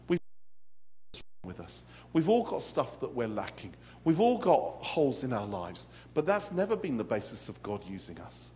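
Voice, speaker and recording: A man's voice: on the high side, darkish tone, a little hiss or hum. A man preaching a live sermon to a conference crowd in a hall, with dramatic, comic storytelling. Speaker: pastor.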